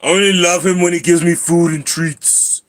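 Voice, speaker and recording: A man voicing his house cat in a higher put-on voice, playing it as greedy for food and grudging toward its owner. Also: fairly even intonation, normal speed, natural voice. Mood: smug. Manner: higher put-on cat voice, louder than his usual talk.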